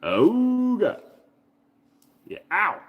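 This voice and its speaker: A man's voice: high voice, wildly swooping pitch, extremely slow, narrow, tinny audio. A man hosting a casual livestream from home, joking with profanity and cooing baby talk to his dog. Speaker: livestream host.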